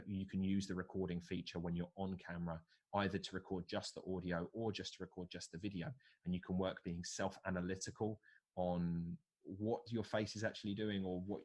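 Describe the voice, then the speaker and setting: A low-pitched man leads an online workshop on presentation skills, coaching participants and reading their ideas aloud. His voice has a husky edge. He is speaking into a computer mic on a video call. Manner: coaching, reads out participant answers.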